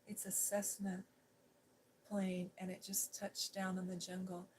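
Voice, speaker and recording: A middle-aged woman recounting a memory in a soft, hushed storytelling voice. She slips now and then into near-whispers. There is a faint hiss in the background. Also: medium pitch, completely flat delivery, a little slow, poor audio. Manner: gentle, hushed, drifting into whispers. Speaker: ASMR host.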